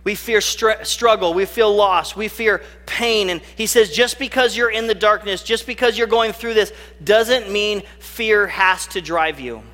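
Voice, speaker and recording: A man preaching a sermon as a pastor, talking earnestly and slowing right down on key phrases. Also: high-pitched, bright, forceful tone, long reverb tail.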